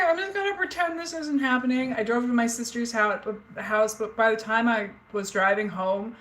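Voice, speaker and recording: A woman in her forties, with a medium-pitched and fairly bright voice, livestreams from indoors at home over poor audio. She chats candidly and casually with viewers and the live chat, drifting through stories with fillers and an odd swear.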